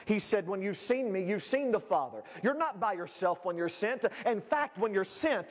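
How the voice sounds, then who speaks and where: A male pastor preaching a sermon, swinging between shouted peaks and low, quiet asides. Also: big pitch swings, normal speed, few pauses, big-room sound.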